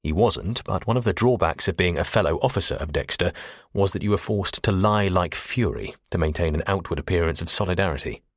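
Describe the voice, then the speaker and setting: A man reads a first-person thriller audiobook in a measured, steady voice. His tone is low and slightly husky. The sound is close and dry, with no room around it. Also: no echo. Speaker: audiobook narrator.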